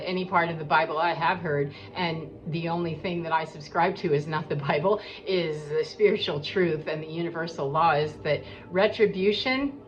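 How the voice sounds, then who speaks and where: A woman giving an earnest, rambling spiritual monologue as a coach, talking in a preachy way. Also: low voice. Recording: dull lo-fi with faint background noise.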